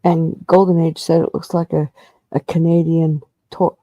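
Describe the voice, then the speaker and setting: A man's voice: on the high side, level tone, moderate pace, warm tone, dry recording. A man co-hosting a casual chat, talking in a chatty way with fillers. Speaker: livestream co-host.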